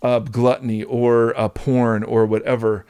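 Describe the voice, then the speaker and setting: A middle-aged male pastor talks through faith with earnest, animated energy, often restarting his sentences. His voice sits at an ordinary pitch and is recorded close and dry, with no room sound. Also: unhurried, smooth, no echo. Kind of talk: conversational teaching on faith.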